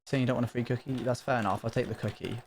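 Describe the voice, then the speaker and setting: A man's voice: steady tone, very fast, slight background noise. Chatty man streaming a building game. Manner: chatty, talks to his chat while building, bursts of panicked pitch jumps. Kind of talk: casual live-stream gaming commentary.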